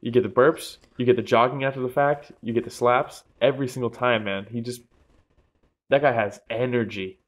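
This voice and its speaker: A young man co-hosting a fight podcast, talking excitedly, laughing often and swearing freely. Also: mid-range voice, moderate pace. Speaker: podcast co-host. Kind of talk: casual chat.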